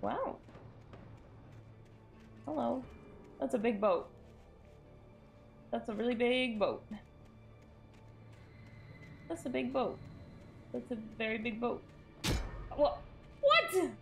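A woman with a slightly high voice and vocal fry streams a game live at a desk mic, talking slowly with frequent pauses while faint music plays behind her. She chats with viewers and gets animated, reacting jumpily with sudden shrieks and bursts of laughter.

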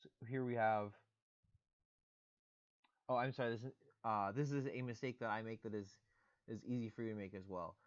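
A man's voice: on the low side, steady tone, normal speed, long pauses. Methodical male lecturer, lo-fi recording. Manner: methodical, explains step by step with fillers.

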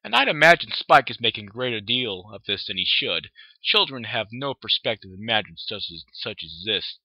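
A man's voice: lowish voice, sing-song, moderate pace, dry recording. A man reading aloud, voicing a refined, polite female unicorn who fusses over her friends, recorded dry and dull. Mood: genteel. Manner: polite, genteel.

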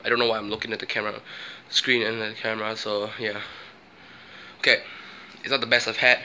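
A man's voice: on the low side, flat delivery, brisk, slight background noise, poor audio. A young man chatting casually in a vlog, slangy and playful, often exclaiming and rambling. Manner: slangy, exclaiming, hushed and breathy while eating, loud and playful when reviewing. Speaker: vlogger.

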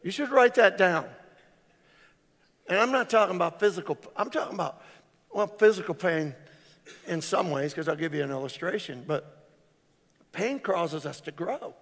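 A man's voice: high-pitched, normal speed, pauses often. An older man preaching a sermon as pastor, telling jokes and stories and acting out the voices of people in them. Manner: animated, joking storyteller acting out voices. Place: church sanctuary. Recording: hall reverb.

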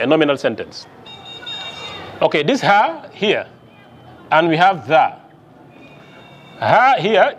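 A man's voice: fairly high pitch, slight background noise. A man lecturing on Arabic to a class, asking the students questions and checking their understanding with frequent "okay?" along the way. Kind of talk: classroom lesson.

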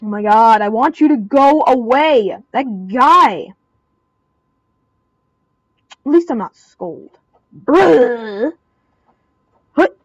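Very slow with long pauses, a young woman with a slightly high voice commentates her own online game, squealing excitably, panicking aloud, and repeating short phrases constantly. The recording is dry and muffled.

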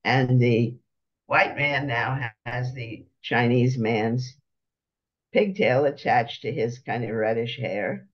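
Unhurried man lecturing over slides, lo-fi. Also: medium pitch. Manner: unhurried, pausing, explaining each picture.

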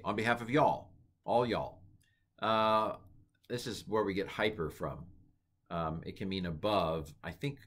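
A man giving a casual Bible Greek lesson, thinking aloud with many fillers and slowly repeating words to try out their pronunciation. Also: low-pitched. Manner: relaxed, thinking aloud with many ums and uhs. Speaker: Greek teacher. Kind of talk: informal Bible language lesson.

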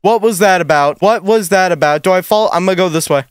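A man's voice: sits high, fast, clear, resonant tone, no room sound. A young man giving nervous, jumpy let's-play commentary on a horror game, talking to himself as he plays. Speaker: gaming YouTuber.

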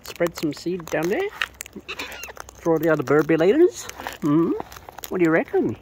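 Woman baby-talking to birds, swooping pitch. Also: very animated, moderate pace, long pauses. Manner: coos and baby-talks to birds, playful. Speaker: vlogger feeding wild birds. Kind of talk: casual chat to birds. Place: outdoors at a bird feeding spot. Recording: noisy outdoor audio with bird sounds. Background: birds chattering and clicks.

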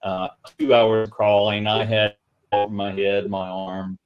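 A man on a video call telling a halting, rambling anecdote about a museum ship, with many restarts. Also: lowish voice, flat delivery, smooth, lo-fi sound. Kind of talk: livestream storytelling. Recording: video call audio, feed breaking up.

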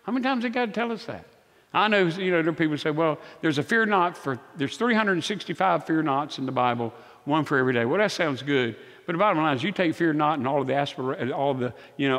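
A man's voice: mid-range voice, a bit bright, big-room sound. A man preaching a sermon as pastor, emphatic and calling on the congregation for amens. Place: church sanctuary.

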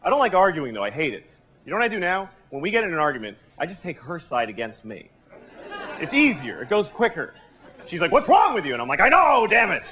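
A man performing a stand-up comedy set on a club stage, talking in a deadpan conversational way with sudden yelps. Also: fairly high pitch, fast, a crowd in the background. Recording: live club recording, audience and room noise.

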